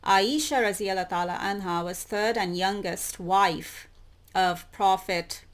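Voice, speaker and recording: A little slow and medium in pitch, this woman's voice carries her channel as host. She reads web articles aloud with commentary, repeating the words she wants to emphasize.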